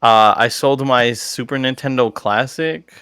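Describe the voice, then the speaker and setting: A man guesting on a casual podcast, telling stories in an animated, swearing rush that jumps from topic to topic. His voice sits at a middle pitch. The sound is dry and close. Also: a little slow, smooth, dry recording. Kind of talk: casual chat.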